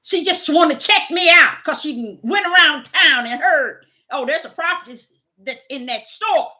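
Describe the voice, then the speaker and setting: Lady preacher, fired up, bright and high-ish, goes quiet then loud. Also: expressive, a little slow. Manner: fiery preaching, swings from hushed to loud and emphatic. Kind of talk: sermon.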